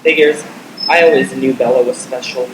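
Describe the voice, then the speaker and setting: A man playing a possessive young male vampire in a live stage parody, speaking low and smooth. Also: fairly even intonation, moderate pace, natural voice. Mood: brooding. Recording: echoey room, loud noise, off mic.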